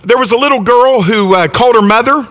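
A man's voice: very high voice, fast talker, fairly bright tone. A middle-aged man from Alabama with a Southern accent, preaching and telling stories in a folksy, enthusiastic way, often restarting his words. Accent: Southern American. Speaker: visiting preacher. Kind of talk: sermon with storytelling. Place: church sanctuary. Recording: long church reverb.

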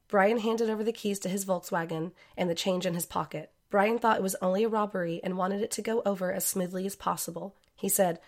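A woman narrating a true-crime story in a measured, scripted way. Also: medium pitch, fairly even intonation, a little mellow.

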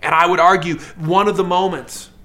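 Male pastor, sermon, bright tone, conversational, acts out characters, fast asides. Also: sits high, little pitch movement. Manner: fast, conversational preaching with many fillers.

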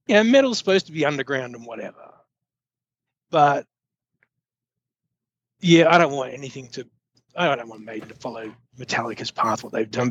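A man's voice: mid-range voice, breathy edge, no room sound. A man co-hosting a podcast, giving his opinions earnestly in a casual chat. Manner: earnest and opinionated, with frequent fillers. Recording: dull, lo-fi line.

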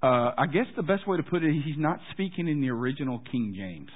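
A male pastor telling a story in a sermon, casual and self-deprecating, with halting restarts. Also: a little high, sing-song. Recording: tinny phone-like sound.

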